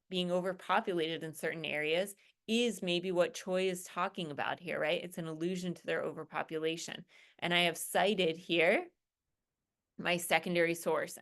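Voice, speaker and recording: A woman with a fairly low voice gives a recorded college English lecture over shared slides. She explains the assignment in a relaxed, conversational way and keeps checking in with "right?" and "okay?".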